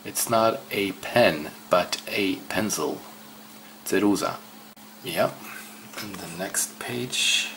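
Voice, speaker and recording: Slow, low-voiced man. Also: a bit bright, slight background noise. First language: Swedish. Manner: hesitant, repeats words aloud slowly. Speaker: language learner. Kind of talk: casual self-study walkthrough.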